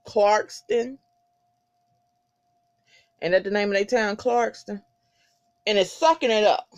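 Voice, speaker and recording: A reviewer giving a casual, profanity-heavy recap of a TV episode in slangy, animated talk. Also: mid-range voice, slow, highs cut off.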